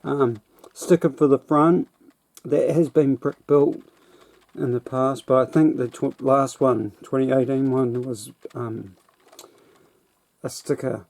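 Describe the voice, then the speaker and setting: A man's voice: mid-range voice, steady tone, takes it slowly, long pauses, darkish tone. A man casually reviewing a toy set in a rambling, self-deprecating way.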